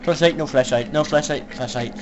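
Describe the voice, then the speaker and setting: A man's voice: on the high side, a little fast, a little hiss or hum, poor audio. Laughing young man playing a horror game. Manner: joking, laughing often, swearing, shouting when scared. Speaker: gaming YouTuber. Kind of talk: casual let's-play commentary.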